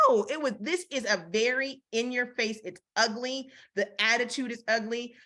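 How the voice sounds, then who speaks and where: A woman teaching a casual Bible study, lively and slangy, acting out the verses she quotes. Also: medium pitch, moderate pace, few pauses.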